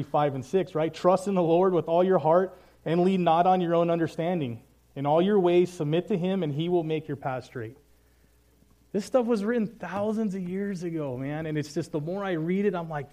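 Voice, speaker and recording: Earnest male preacher, casual delivery, warm slightly high voice. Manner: casual and earnest, says "man" often. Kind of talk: sermon.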